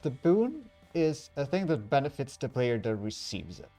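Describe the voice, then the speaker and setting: A game storyteller running an online social deduction game over voice chat, brisk and matter-of-fact, thinking aloud between private calls on a home computer mic. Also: mid-range voice, very animated, mellow, soft background music.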